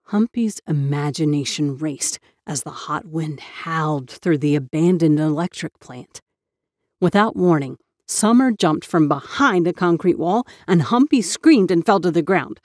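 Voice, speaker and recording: A woman reading a spooky story as narrator, with a measured, dramatic manner. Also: low voice, dry recording, clean studio sound. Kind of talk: scripted ghost story narration. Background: faint music.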